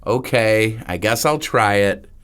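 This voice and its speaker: A man's voice: on the low side, slow pace, a bit bright, clean tone. A man voicing a nervous young woman at a party. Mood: shocked.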